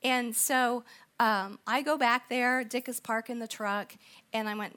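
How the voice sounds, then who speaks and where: Woman preacher, middle-aged, fairly high voice, bright tone, animated storytelling sermon. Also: normal speed. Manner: animated, acts out quoted voices, drops to soft intense tones.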